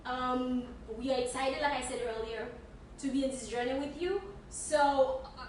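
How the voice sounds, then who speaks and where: A woman's voice: high voice, normal speed. A woman from Haiti co-hosting a casual podcast, welcoming listeners with many fillers and repeated phrases. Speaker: podcast co-host. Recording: echoey room, distant mic, faint hiss.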